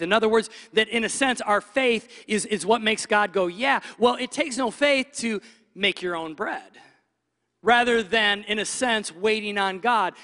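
Man, pastor, sermon, bright sharp tone, acts out little voices. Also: sits high, in a large hall. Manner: animated preaching, acts out inner doubting voices. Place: church stage.

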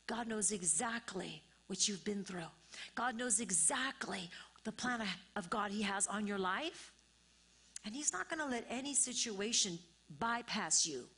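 A woman's voice: mid-range voice, pushed and bright, husky. A woman pastor preaching a sermon, repeating phrases and building to emphatic, rising bursts.

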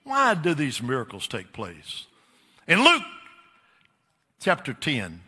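A man preaches to his congregation in an emphatic, repeating rhythm. His voice is high and piercingly bright. It rings with a long reverb through the sanctuary. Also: huge pitch swings, slow, pauses often, slightly rough. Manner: emphatic, repetitive preaching with spoken asides to the congregation. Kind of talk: sermon. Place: church sanctuary. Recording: echoey church hall.

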